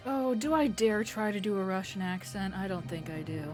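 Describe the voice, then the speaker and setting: Lively woman streamer joking over game music. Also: medium pitch, moderate pace. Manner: chatty, joking asides. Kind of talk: casual gameplay commentary while reading dialogue.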